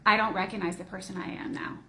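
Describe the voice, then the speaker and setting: A woman's voice: medium pitch, fairly even intonation, fast talker, pushed and bright. Weary woman caregiver, faint background noise. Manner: weary, subdued, plain-spoken. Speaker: family caregiver. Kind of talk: personal reflection to camera.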